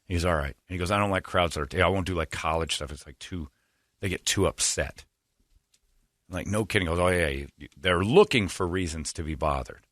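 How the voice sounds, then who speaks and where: A man hosting a podcast, telling stories in a sarcastic, animated casual chat. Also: deep voice, brisk, no echo. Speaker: podcast host.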